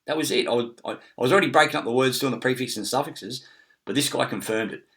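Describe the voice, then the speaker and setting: A man's voice: mid-range voice, fast talker, a bit bright. A middle-aged man, rambling in a casual monologue with many fillers, restarts and frequent swearing. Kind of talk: casual screen-share monologue.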